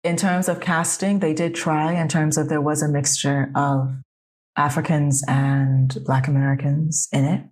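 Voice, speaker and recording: A woman's voice: low voice, steady tone, unhurried, darkish tone. A woman co-hosting a podcast, talking through a film in a thoughtful, questioning way. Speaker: podcast co-host. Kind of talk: casual conversational film discussion.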